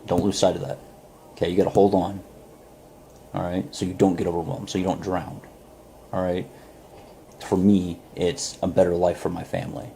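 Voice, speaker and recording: Man, deep, dark gravelly voice, earnest motivational storyteller, faint background noise. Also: level tone, normal speed, pauses often. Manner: earnest, storytelling, many fillers. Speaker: network marketer. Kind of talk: motivational talk to camera.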